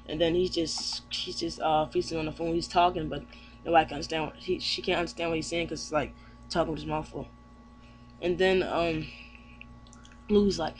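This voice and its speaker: Here the anime reviewer, a man with a high voice, rambles through a recap of a comic chapter, full of fillers, trailing off and beginning again. He keeps a level tone and moderate pace, sounding casual and unscripted against a faint hum.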